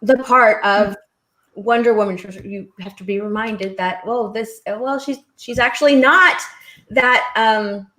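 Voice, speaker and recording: A woman co-hosting a casual pop culture stream, rambling and restarting her sentences as she gets animated about a gripe. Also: fairly high pitch, unhurried. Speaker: co-host.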